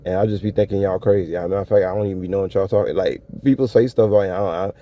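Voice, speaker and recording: Very fast and deep-voiced with fairly even intonation, a vlogger speaks directly to viewers in a solo monologue. He's laid-back and slangy and laughs often, and the audio is dull lo-fi.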